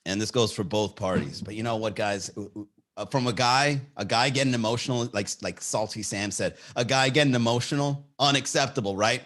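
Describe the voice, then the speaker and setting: A man's voice: mid-range voice, fairly quick, fairly bright tone. Rambling, cursing male comedy host. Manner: rambling, profane, reacts to live chat. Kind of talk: casual comedic riffing.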